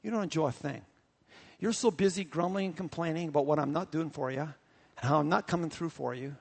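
A man voicing a gentle male Holy Spirit who rebukes softly and steadily. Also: fairly high pitch, fairly quick, gravelly, voice pushed down. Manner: soft, steady, repetitive rebuke. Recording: long hall reverb.

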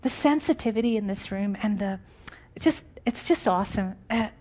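A woman preaching an informal, conversational sermon, animated and often laughing. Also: medium pitch, moderate pace.

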